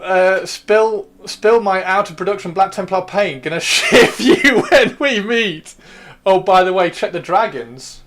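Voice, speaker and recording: A man's voice: a little high, fairly bright tone. A man hosting a casual livestream, chatting and joking in a rambling, playful way and repeating himself as he talks. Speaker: livestream host.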